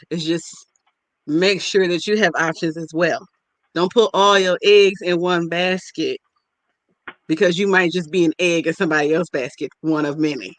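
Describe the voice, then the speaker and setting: A woman's voice: fairly low pitch, fairly bright tone. A woman hosting a podcast in casual chat, playful and joking, talking straight to her listeners. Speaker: podcast host.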